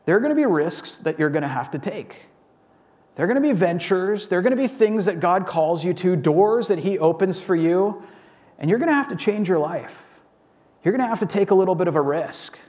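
Man, pastor, casual sermon, chatty asides, somewhat high pitch. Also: lively intonation, a little fast, darkish tone. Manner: conversational, casual preaching with many asides.

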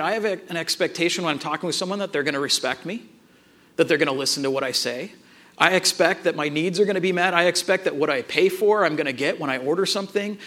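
A man in his thirties, a pastor giving a conversational sermon with tag questions and lively storytelling. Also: high voice.

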